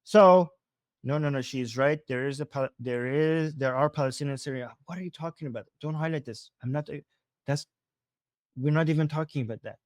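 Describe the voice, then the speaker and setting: A man's voice: fairly high pitch, brisk, dry recording, studio quality. A man with a Persian accent giving casual live commentary on videos, thinking aloud with frequent restarts and self-corrections.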